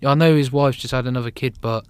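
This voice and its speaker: A man's voice: medium pitch, quick pace, clear, resonant tone, dry recording. A man co-hosting a casual sports podcast, blunt and opinionated, laughing easily.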